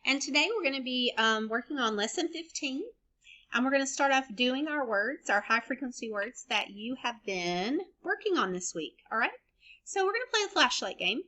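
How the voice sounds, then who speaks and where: A woman teaching young children a recorded phonics lesson, sounding out and spelling words slowly and deliberately. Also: high voice, lively intonation, sharp tone. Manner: slow, deliberate spelling and sound-blending for kids. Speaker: elementary school teacher.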